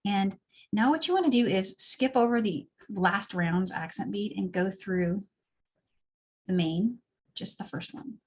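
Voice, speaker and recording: A woman's voice: medium pitch, unhurried, breathy edge. A woman teaching a beadweaving class, talking through each step casually as she works. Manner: relaxed, chatty, explains as she works. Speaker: craft instructor. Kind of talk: step-by-step craft tutorial.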